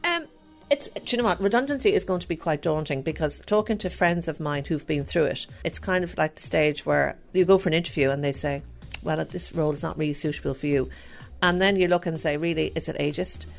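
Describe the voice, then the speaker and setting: A woman's voice: low voice, brisk, gravelly, hardly any pauses, soft background music. An Irish woman in her fifties chatting in an upbeat, rambling way as a participant in a health challenge. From Ireland. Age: 50s. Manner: chatty and upbeat, full of fillers. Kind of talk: casual chat.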